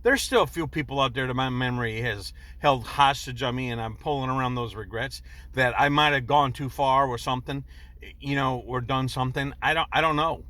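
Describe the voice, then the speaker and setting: A man's voice: mid-range voice, brisk, bright, forceful tone, no echo. A man in his sixties telling a personal story in a rambling, earnest way and drawing a moral from it. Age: 60s. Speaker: vlogger.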